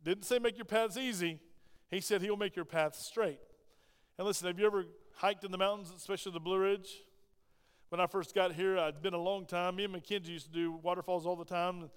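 High-voiced preacher in a reverberant hall. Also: male voice, smooth. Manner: animated preaching with humor, quick asides and rhetorical questions. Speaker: pastor. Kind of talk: sermon. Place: church sanctuary.

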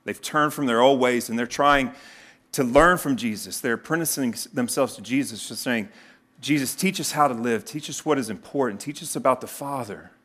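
A man delivers a sermon in an ordinary middle-pitched voice. He keeps it conversational, breaking into acted-out quotes with sudden leaps in pitch and loudness before settling back down. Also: normal speed. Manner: animated preaching, acts out quoted voices with sudden pitch jumps. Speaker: pastor.

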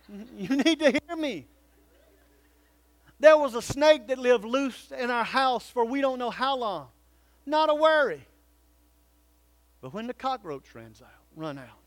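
A male pastor preaching a sermon, swinging between loud calls and hushed, earnest pleading. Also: very high-pitched, no echo.

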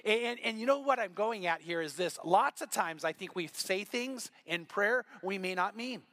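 A male pastor preaching a sermon, telling stories with lively acted-out quotes. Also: high-pitched, moderate pace, dry recording. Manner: animated storytelling with acted quotes. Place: church.

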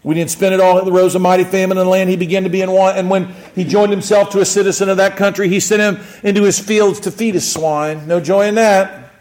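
Male pastor, higher pitch, lively sermon delivery with shouted bursts. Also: fast, hardly any pauses. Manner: animated, shouts and acts out joyful voices.

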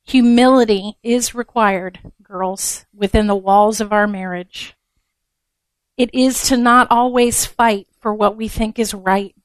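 A woman's voice: medium pitch, fairly even intonation, takes it slowly, no room sound. A woman giving a conversational sermon to a women's gathering, frank and down-to-earth with blunt humor.

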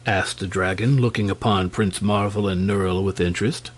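A man narrating a storybook audiobook chapter with measured, expressive storytelling. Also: low voice, breathy edge. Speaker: audiobook reader.

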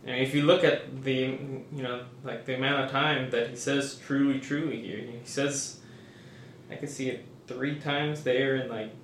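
A man thinks out loud in a casual discussion, hesitating and restarting as he searches for his words. He sounds distant from the mic. An echoey room and faint ambient noise sit behind him. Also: medium pitch, steady tone, normal speed. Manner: hesitant, full of fillers and restarts. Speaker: study participant.

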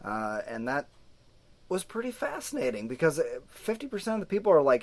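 A man co-hosting a casual film podcast, recommending a documentary with relaxed, quoted asides. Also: on the high side, brisk. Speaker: podcast co-host. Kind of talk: casual chat.

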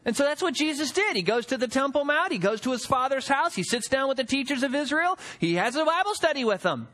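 Animated high-voiced man preaching a sermon. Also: fast talker. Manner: animated, acts out quoted voices with rising pitch. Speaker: pastor.

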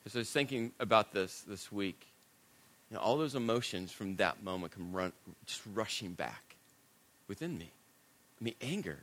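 A middle-aged man preaching a sermon, telling a personal story in a conversational, self-deprecating way and dropping to a hushed voice at serious moments. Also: lowish voice, very animated, normal speed. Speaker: pastor.

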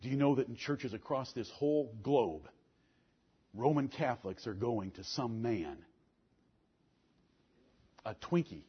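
A man preaching a fiery sermon, his voice husky and a little breathy. He swings from loud, emphatic declarations down to low, intense talk. The recording is muffled and lo-fi. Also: animated, a little slow, long pauses.

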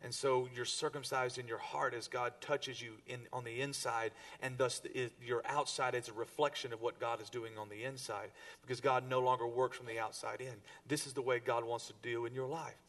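A man preaching a sermon to his congregation, rising to stress a point and then dropping low. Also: steady tone, fairly quick, few pauses, distant mic. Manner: preaching to a congregation, with emphatic rises and soft drops. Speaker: pastor.

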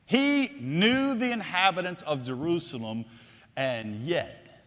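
A man preaching a sermon, swinging between loud declarations and hushed, drawn-out phrases and repeating his lines for effect. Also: on the high side, lively intonation. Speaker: pastor. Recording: long hall reverb.

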